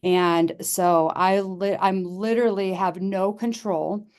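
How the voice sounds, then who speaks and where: A middle-aged woman speaks as a podcast guest, sharing a personal story in an earnest, heartfelt way. Her pitch sits in the middle for a woman's voice. She often breaks off and restarts her sentences, and acts out the dialogue of the people in her story. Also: fairly even intonation, slow, a little mellow. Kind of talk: personal storytelling in casual conversation.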